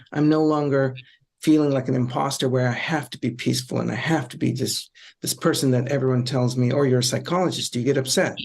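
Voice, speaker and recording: A man's voice: medium pitch, a little mellow. A middle-aged man, a psychologist on a discussion panel, explaining in a reflective, conversational way with frequent ums and repeated phrases.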